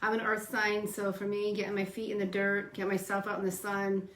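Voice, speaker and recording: A woman's voice: mid-range voice, monotone, a little fast, fairly bright tone. Woman co-host in a roomy space. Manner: earnest, advice-giving, loose phrasing. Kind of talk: casual chat.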